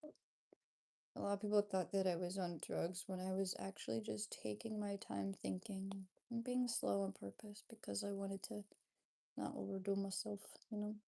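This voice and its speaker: Gravelly young woman chatting on a stream. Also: mid-range voice, level tone, mellow. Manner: unhurried, drifting, chatty asides. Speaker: livestreamer. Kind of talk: casual livestream chat reading comments.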